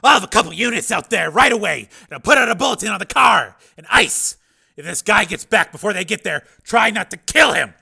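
A man reading a crime novel aloud, voicing a gruff, urgent police chief who barks his lines. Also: sits high, expressive, fairly quick, sharp tone, voice pushed up, heavily acted. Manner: barking, urgent. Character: frantic, gruff male police strike force chief.

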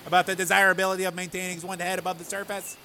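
A man's voice: sits high, little pitch movement, racing, sharp tone, a little hiss or hum, pitched above the performer's own voice. A man reading a stiff, literal-minded man who talks in clipped, stilted phrases with indignation. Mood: indignant.

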